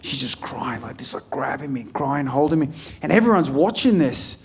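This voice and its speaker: A man's voice: medium pitch, expressive, moderate pace. An Australian man doing a stand-up set, swearing freely and acting out scenes from his stories. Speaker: stand-up comedian. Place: comedy club stage. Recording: live room with a laughing crowd.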